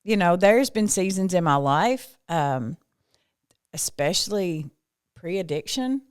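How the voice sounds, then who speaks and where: An older woman, a grandmother, co-hosting a casual chat and telling lively stories. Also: fairly low pitch, takes it slowly, clear, resonant tone. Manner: animated storyteller. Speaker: podcast co-host.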